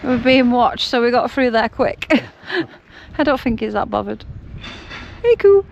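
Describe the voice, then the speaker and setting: A woman's voice: fairly high pitch, steady tone, normal speed, vocal fry, highs cut off, a little hiss or hum. Breathless woman vlogging on a hill walk. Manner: chatty, laughs often. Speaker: travel vlogger. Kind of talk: casual walking vlog narration. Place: outdoors on a hillside walk.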